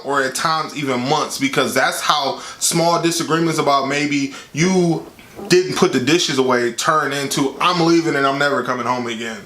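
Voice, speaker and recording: A man gives relationship advice in a casual, candid way, talking straight to his viewers. His voice is bright and clear. The room around him sounds echoey. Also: medium pitch. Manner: candid, conversational, quotes with animated voice. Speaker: vlogger giving relationship advice.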